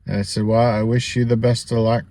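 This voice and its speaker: A man's voice: lowish voice, flat delivery, brisk, dark tone. A man casually telling a personal story to camera, rambling and chatty, with many asides and small laughs. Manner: rambling, chatty, peppered with "you know" and little laughs. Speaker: vlogger.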